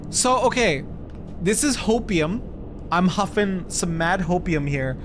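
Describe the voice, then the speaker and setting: Animated, swearing young male streamer. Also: high-pitched, background noise. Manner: animated, swearing, loud reactions. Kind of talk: live game reaction stream. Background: music.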